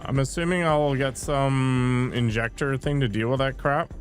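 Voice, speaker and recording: A man's voice: mid-range voice, steady tone, measured pace, over music. A man streaming gameplay, talking casually and joking with mild slang.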